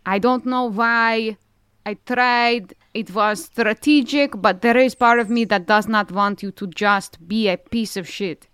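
A woman's voice: a little high, unhurried, fairly bright tone, smooth, dry recording, studio quality. A young woman playing a witch in a tabletop game, speaking in character with earnest theatrical flair. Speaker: player. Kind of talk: in-character role-play.

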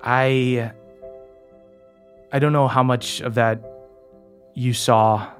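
A man voicing a long-lost mother, a gentle cursed woman, speaking tenderly in halting phrases. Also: medium pitch, steady tone, faint music behind.

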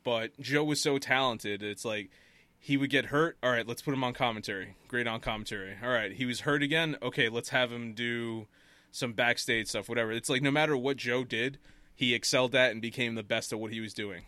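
A man hosting a casual chat show, telling stories in an animated way and laughing often. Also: medium pitch, fairly quick, dry recording.

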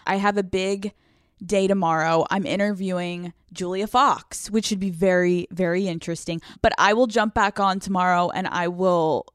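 A young adult woman hosting a casual solo podcast, brash and profane, talking fast and loose. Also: on the low side, fairly even intonation, smooth, no room sound, studio quality. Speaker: podcast host. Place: restaurant brunch. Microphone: phone.

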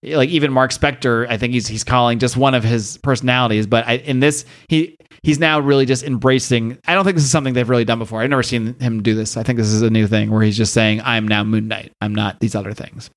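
A man hosting a comics podcast, casually recapping a story and acting out the dialogue in raised, excited voices. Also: quick pace, few pauses, dry recording, clean studio sound. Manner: acts out dialogue with high-pitched voices, swears casually. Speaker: podcast host.

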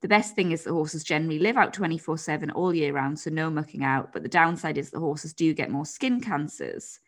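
A woman co-hosting a casual chat podcast, telling stories in a chatty, animated way. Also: low-pitched, a little fast. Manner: chatty, animated storytelling with giggles. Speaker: podcast co-host.

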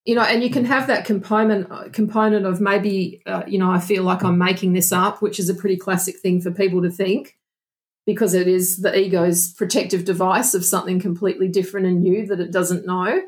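A woman with a mid-range voice talks through spiritual ideas in a casual interview. She is earnest and reflective, circling back and restarting her sentences as she thinks. Her pitch sits in the middle for a woman. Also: steady tone, a little fast, darkish tone. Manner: earnest, reflective, with frequent restarts and "you know". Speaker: guest, past life regression therapist.

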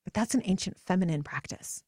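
A woman's voice: animated, brisk, a little mellow, breathy edge, no echo. Earnest pregnant woman host, dry close mic. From United States. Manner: earnest and emotional, pitch rising high when passionate. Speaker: podcast host. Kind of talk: personal storytelling monologue.

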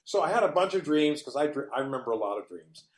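A man's voice: mid-range voice, very animated, quick pace, reverberant. A man appearing as a guest on a chat show, talking expressively and often restarting his sentences. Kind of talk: casual chat.

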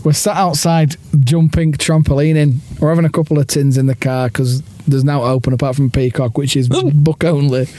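A man's voice: on the high side, fairly even intonation, moderate pace, hardly any pauses, dark tone, no echo. A man chatting and teasing his friend outside a football ground, laughing a lot. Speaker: podcast co-host. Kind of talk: casual chat with a friend. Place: outdoors near a football ground, by a car.

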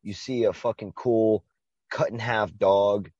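A man's voice: on the low side, steady tone, measured pace, warm tone, no echo, dull audio. A man co-hosting a podcast, chatting casually and enthusiastically about a horror movie, swearing and laughing often. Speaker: podcast co-host.

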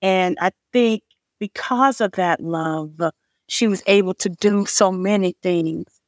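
A woman's voice: mid-range voice, slow, no echo, clean studio sound. A woman author being interviewed on a podcast, effusive and emotional as she speaks. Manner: effusive, tearful gratitude. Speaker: author guest.

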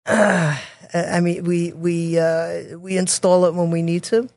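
A woman talking as a guest in a casual interview, chatty and quick to restart her sentences, with sarcastic asides. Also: fairly low pitch, little pitch movement, darkish tone, dry recording, studio quality. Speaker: guest, technology consultant.

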